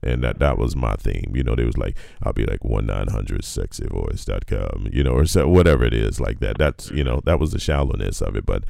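A man with a very deep bass voice, telling his story in a laid-back, colloquial, motivational way as a guest. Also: animated, brisk, gravelly, hardly any pauses, dark tone, dry recording, clean studio sound.

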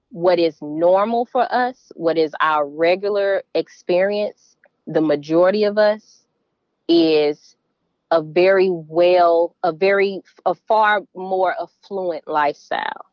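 A middle-aged woman with a Southern US accent speaks slowly in a lowish voice, recorded muffled with no room sound. She's a guest in a casual interview, earnest and emphatic, with warm laughs.

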